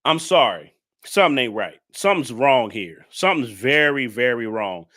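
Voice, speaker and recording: A man's voice: medium pitch, expressive, moderate pace, pushed and bright. A man hosting a casual reaction commentary, exasperated and emphatic, talking straight to his viewers. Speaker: channel host reacting to a clip.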